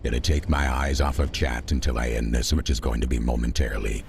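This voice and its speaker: A man's voice: very deep voice, steady tone, brisk, gravelly, a little mellow, a little hiss or hum. A man streaming a video game, rambling in a chatty way and talking back to his chat. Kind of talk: livestream gameplay commentary.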